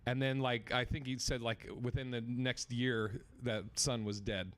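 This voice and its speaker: A comedian telling swearing, animated stories with acted-out quotes on a podcast. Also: male voice, medium pitch, a little slow. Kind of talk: storytelling on a podcast.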